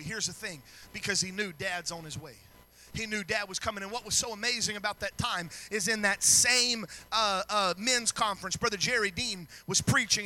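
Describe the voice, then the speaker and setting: A middle-aged male pastor preaching a sermon in a church, moving from quiet storytelling to shouted preaching. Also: sits high, rough recording.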